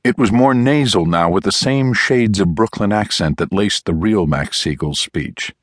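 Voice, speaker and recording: A man reads a thriller audiobook in a measured yet expressive way, delivering scripted narration. His voice is fairly low-pitched, and the clean studio recording has no room sound.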